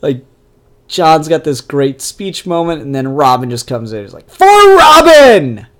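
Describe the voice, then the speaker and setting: A man's voice: medium pitch, moderate pace. Rambling, opinionated male comic reviewer. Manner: rambling, opinionated, frequent fillers. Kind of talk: casual review chat.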